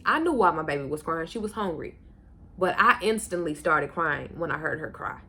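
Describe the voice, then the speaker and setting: A woman's voice: sits low, lively intonation, normal speed, pushed and bright, breathy edge. A young woman from Houston, telling a personal story in a candid, conversational vlog, talking straight to her viewers. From Houston, Texas. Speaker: vlogger.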